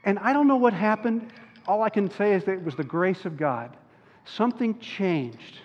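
Pastor type, man with a high voice, earnest sermon delivery, dull recording with a long hall echo. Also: animated. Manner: earnest, slows down on key words.

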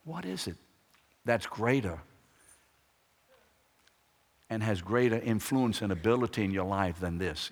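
A man preaching a sermon, swinging between loud, emphatic declarations and hushed, quiet lines. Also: on the low side, lively intonation, normal speed. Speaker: pastor. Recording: long hall reverb.

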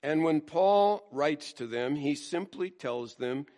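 A man's voice: a little high, expressive, slow pace, darkish tone. A male pastor preaching a sermon in a conversational storytelling manner. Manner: conversational storytelling, acting out quotes.

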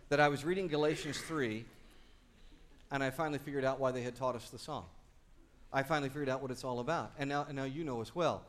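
A man preaching a sermon in a lively, conversational way, calling on the congregation to answer. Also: medium pitch. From Texas. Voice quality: animated, conversational preaching with call-and-response. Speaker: pastor.

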